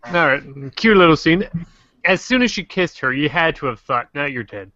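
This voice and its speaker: A man hosting a casual livestream discussion, joking and animated. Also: on the high side, moderate pace, no room sound, dull audio. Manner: joking, animated, quotes characters in silly voices. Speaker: host.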